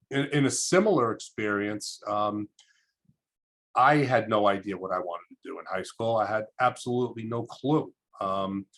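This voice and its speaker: A middle-aged man, a guest telling stories and acting out the voices of people in them. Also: fairly bright tone. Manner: acts out quoted voices with big pitch jumps. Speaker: podcast guest, electrical contractor. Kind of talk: animated storytelling.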